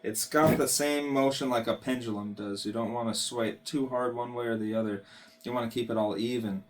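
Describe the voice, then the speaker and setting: A man giving a casual guitar lesson, explaining strumming in a relaxed way and counting beats aloud. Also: mid-range voice, brisk. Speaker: guitar teacher. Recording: guitar playing behind the voice.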